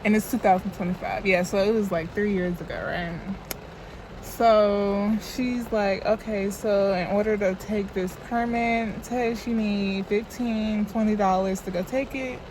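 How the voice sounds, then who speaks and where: A woman's voice: mid-range voice, steady tone, unhurried, background noise. A young woman, telling a storytime in a loose, chatty, profane way into a phone camera while doing her makeup. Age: young adult. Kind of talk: casual storytime vlog.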